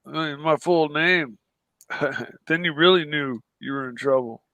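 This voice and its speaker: A man's voice: on the high side, measured pace, bright, forceful tone, dry recording, lo-fi sound. A tired man chatting casually on a livestream, rambling, swearing freely and laughing between sentences. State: exhausted. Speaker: guest on a livestream. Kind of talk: casual chat.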